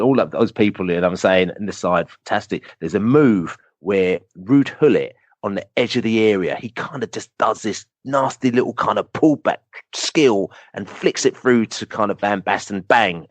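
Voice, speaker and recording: A man, a podcast guest telling animated, rambling football fan stories full of fillers. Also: fairly low pitch, normal speed, hardly any pauses, no room sound. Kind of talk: casual storytelling interview.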